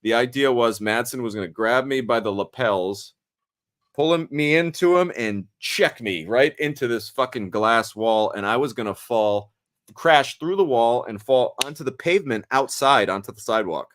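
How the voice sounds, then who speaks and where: Swearing, animated male storyteller. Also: mid-range voice, normal speed, no echo, clean studio sound. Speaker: podcast host and actor. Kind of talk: casual storytelling chat.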